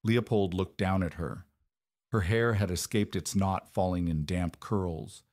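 A man narrating a scripted story in an even, measured way. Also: low voice, no echo, clean studio sound.

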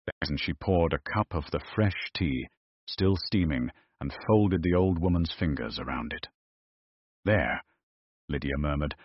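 A man narrating a scripted period story in a measured, deliberate way. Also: a bass voice, breathy edge, no room sound. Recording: dull, dry close recording.

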